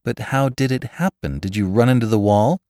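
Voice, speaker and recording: A man's voice: medium pitch, moderate pace, a little mellow, dry recording, studio quality, voice pushed up, natural voice. A man voicing an exasperated male onlooker who scolds with incredulous questions, in an audiobook reading. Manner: exasperated, sharply rising questions.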